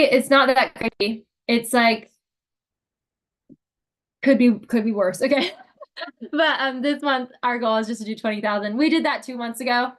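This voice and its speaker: Upbeat woman leading a video call. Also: fairly high pitch. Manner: upbeat, emotional pep talk with many fillers. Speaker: sales unit leader. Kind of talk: video call team meeting.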